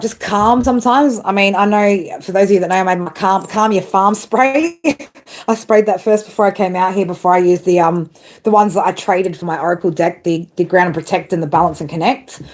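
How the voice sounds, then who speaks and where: A woman's voice: mid-range voice, brisk, low-quality recording. Chatty woman tarot reader. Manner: chatty, laughs often, repeats "right?". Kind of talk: live-stream reading chat. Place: outdoors.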